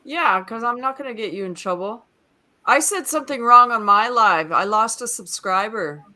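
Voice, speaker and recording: A woman joining a casual livestream chat. Her voice is bright and forward, and she teases and laughs easily. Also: on the high side, expressive, moderate pace. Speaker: co-host, music teacher.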